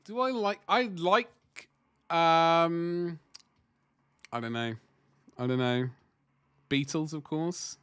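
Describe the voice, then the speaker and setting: A man's voice: a little high, takes it slowly, long pauses, fairly bright tone, smooth, no echo. A man chatting casually on a live stream as he paints miniatures, thinking aloud and rambling with self-deprecating asides.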